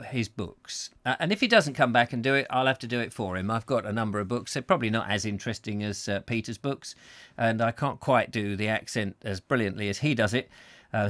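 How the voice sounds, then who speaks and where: A man's voice: mid-range voice, a bit bright, dry recording. A man hosting a casual chat show, reading out viewer comments in a rambling, jokey way with many fillers. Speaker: host.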